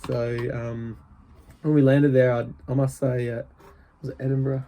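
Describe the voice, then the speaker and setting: A man's voice: mid-range voice, level tone, moderate pace, dark tone. A man with an Australian accent, a podcast guest telling rambling stories with frequent laughs in casual chat. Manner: rambling storyteller, laughs often.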